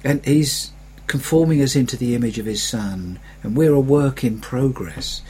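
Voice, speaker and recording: A man's voice: mid-range voice, normal speed, mellow, slightly rough. A man preaching a sermon as pastor, conversational, putting on mocking voices when quoting critics.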